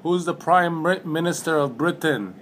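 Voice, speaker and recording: A man questioning a phone caller in a flat, probing way, toying with him. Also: a little high, normal speed, slight background noise. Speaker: call recipient baiting a scammer. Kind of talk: prank phone call.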